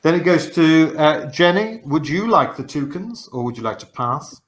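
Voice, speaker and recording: Guy hosting a board game stream on a video call, kinda high voice, patient, lots of uhs. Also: expressive, normal speed. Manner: patient, explanatory, frequent "uh" fillers. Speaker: game show host explaining rules. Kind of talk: casual rules explanation on a streamed show. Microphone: video call mic.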